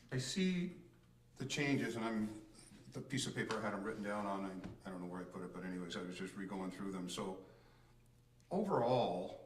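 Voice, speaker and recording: A man on a committee giving halting, rambling comments at a meeting. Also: on the low side, animated, distant mic. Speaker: committee member. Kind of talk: casual remarks at a meeting. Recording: echoey room, speaker off-mic, faint noise.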